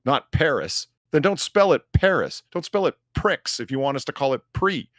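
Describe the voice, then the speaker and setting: American man, emphatic rant, podcast chat, lively pitch, dry sound. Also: quick pace, no echo. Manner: ranting, emphatic, laughs often. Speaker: podcast co-host. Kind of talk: casual chat.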